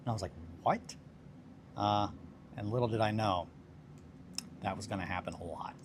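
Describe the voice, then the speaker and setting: This hobby livestream host talks a little fast in a lowish voice as he assembles and glues miniatures. He rambles through self-deprecating stories over a constant hum of background noise.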